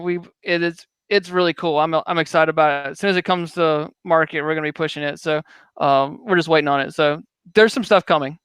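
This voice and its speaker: A male podcast host and medic who tells a lively story in a casual, chatty way. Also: a little high, smooth, no room sound.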